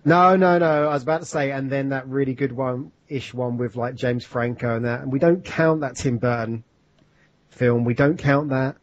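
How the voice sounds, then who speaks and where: A man's voice: medium pitch, steady tone, moderate pace, muffled recording. Chatty man on a film podcast. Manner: enthusiastic, swearing, rambling film talk. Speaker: podcast co-host. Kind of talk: casual chat.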